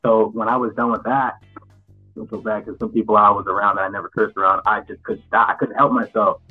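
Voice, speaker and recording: A man's voice: on the low side, little pitch movement, fast, slightly rough. A man, an actor as interview guest, answering frankly and reflectively, often restarting his sentences. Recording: tinny phone-like line with faint music.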